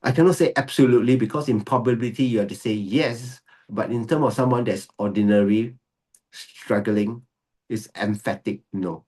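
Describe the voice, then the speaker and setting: Delivering a dharma teaching at a moderate pace, this male Buddhist monk has a medium-pitched, darkish, slightly rough voice. He laughs a lot, stresses points by repeating key phrases, and slips Mandarin into his English.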